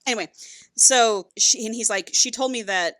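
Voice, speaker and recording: A woman co-hosting a casual book podcast, retelling the plot in an animated, swear-filled way and acting out the characters' lines. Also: a little high, normal speed. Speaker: podcast co-host. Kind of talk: casual book-club chat.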